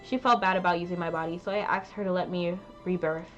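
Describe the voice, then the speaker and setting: A woman's voice: on the low side, fairly even intonation, fast, fairly bright tone, dull audio, faint music behind, natural voice. A woman voicing a cheerful, innocent little girl in a game, with a light, bouncy lilt. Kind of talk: reading game dialogue aloud.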